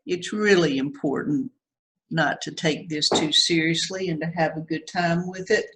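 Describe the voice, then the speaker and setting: A woman's voice: deep voice, moderate pace, fairly bright tone, a little hiss or hum, poor audio. A woman teaching a watercolor demonstration, chatting as she paints, self-critical and reassuring by turns. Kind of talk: painting demonstration, thinking aloud.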